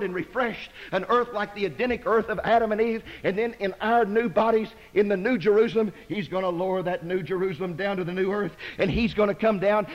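A man preaching an evangelistic sermon to a congregation, fervent, moving from loud exclamations to hushed, slow emphasis. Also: sits high. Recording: dull lo-fi sermon recording.

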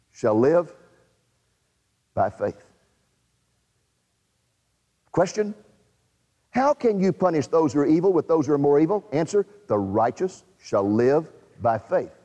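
Brief: emphatic male preacher, high and very animated, dramatic sermon, long reverb. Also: a little slow, pauses often. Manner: dramatic, emphatic, rhetorical questions to the audience.

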